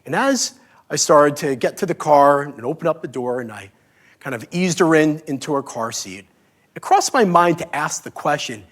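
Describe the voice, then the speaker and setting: A man in his forties giving a talk on stage, telling a story in a playful, animated way with self-mocking humor. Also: on the high side, moderate pace. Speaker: speaker at a live talk event. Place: stage before a live audience.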